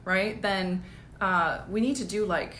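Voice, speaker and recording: Blunt, lively coaching woman in an echoey room. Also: mid-range voice, unhurried, slight background noise. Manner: energetic, blunt, laughs often, swears casually. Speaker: business coach. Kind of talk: casual live-stream pep talk.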